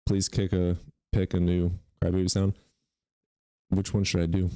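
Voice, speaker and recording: Young male streamer, low mellow voice, sneering and taunting, dry close sound. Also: monotone, moderate pace, no echo. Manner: taunting and mocking, swears, bursts into laughter. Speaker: streamer hosting call-in debates. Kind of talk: livestream debate with chat.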